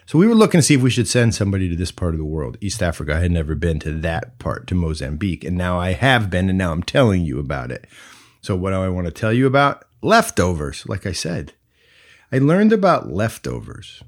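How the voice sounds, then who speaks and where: A man's voice: low-pitched, sing-song, fairly quick. A man hosting a solo podcast, talking in a playful, reflective way that moves between jokes and musing. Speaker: podcast host.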